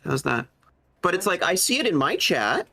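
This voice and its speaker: A man with a husky voice from a cold, chatting casually and eagerly explaining game lore while streaming. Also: sits high, sing-song, normal speed, bright, forceful tone, low-quality recording. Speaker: gaming streamer. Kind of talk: casual gaming stream chat.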